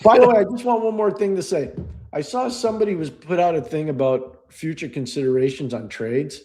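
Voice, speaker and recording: A middle-aged man co-hosting a podcast, telling anecdotes in a lively way and acting out the voices of the people in them. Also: a little high, fairly quick. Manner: animated storyteller, acts out quoted voices, laughs often. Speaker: podcast co-host. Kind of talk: storytelling in casual chat.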